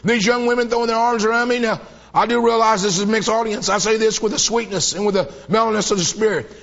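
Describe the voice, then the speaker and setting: A man preaching a sermon, telling a vision with mounting fervor and bursts of shouted praise. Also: sits high, fairly even intonation, fast talker. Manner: fervent storytelling, voice rising to shouts of praise. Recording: dull lo-fi old tape.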